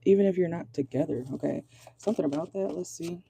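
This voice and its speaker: Woman tarot reader, hoarse and gravelly, casual and profane, dark husky tone. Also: fairly low pitch, fast talker, a little hiss or hum. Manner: chatty, frequent "okay?" check-ins, swears casually. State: voice going hoarse. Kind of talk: casual tarot reading monologue.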